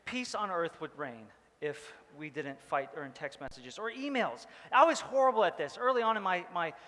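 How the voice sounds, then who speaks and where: Bright-voiced man preaching casually. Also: high-pitched, expressive, normal speed, big-room sound. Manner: casual, joking, rambling with many fillers. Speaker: pastor. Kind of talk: sermon. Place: church hall.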